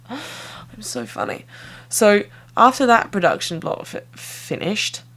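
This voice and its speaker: A woman's voice: mid-range voice, wildly swooping pitch, takes it slowly, a bit bright. A young woman, rambling casually to camera in a playful, self-mocking way that jumps between tangents. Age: young adult. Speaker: vlogger.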